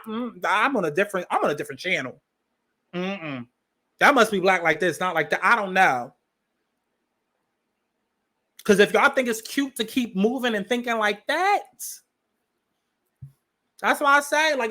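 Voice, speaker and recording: Heated podcast host, high bright voice, swears nonstop and repeats himself to hammer it home. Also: male voice. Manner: profane, emphatic, repeats lines for stress. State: agitated.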